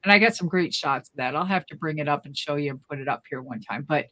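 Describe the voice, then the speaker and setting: A woman co-hosting a live stream chat, telling lively family stories and loudly acting out the people she quotes. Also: sits low, fast. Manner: animated, acts out quoted voices loudly. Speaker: co-host. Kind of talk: casual storytelling chat. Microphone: live stream, remote.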